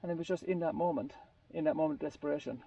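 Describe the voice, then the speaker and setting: A man with a gravelly, mellow voice tells a long story in a relaxed group conversation. He rambles and restarts his sentences as he searches for words. He sits well back from the mic, and the recording sounds muffled and lo-fi. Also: a little high, racing, far from the mic. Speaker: group participant. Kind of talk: casual storytelling in a group chat.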